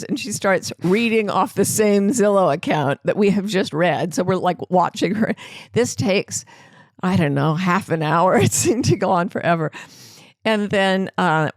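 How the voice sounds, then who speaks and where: Animated woman telling funny stories. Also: fairly low pitch, measured pace, dry recording, studio quality. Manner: animated comic storytelling with laughter. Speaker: podcast co-host. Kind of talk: casual chat.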